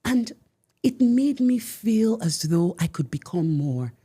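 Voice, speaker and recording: A woman's voice: mid-range voice, sing-song, slow pace, mellow, breathy edge. A woman telling a personal story in a podcast conversation, speaking emphatically and repeating key phrases for effect. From United States. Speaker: podcast guest.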